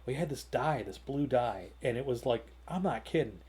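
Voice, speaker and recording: A man's voice: mid-range voice, expressive, normal speed, darkish tone, breathy edge. A man telling a long, rambling anecdote on a gaming talk show, full of fillers and restarts, recorded at home in his hobby room.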